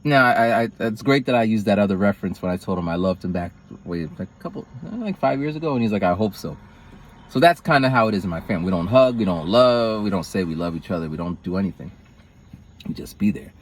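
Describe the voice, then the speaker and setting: Rambling man with a husky, lively voice. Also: on the low side, fast talker. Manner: rambling, animated, acts out quoted lines in raised voices. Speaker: vlogger. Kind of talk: personal storytelling vlog.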